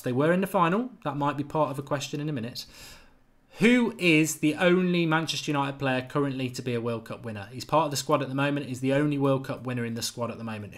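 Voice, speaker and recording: A man hosts a live football quiz stream. He chats casually and reels off viewers' names and answers at a quick clip. His voice sits at an ordinary middle pitch. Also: fairly bright tone. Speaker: football channel host running a live quiz. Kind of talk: live-stream chat reading viewer comments.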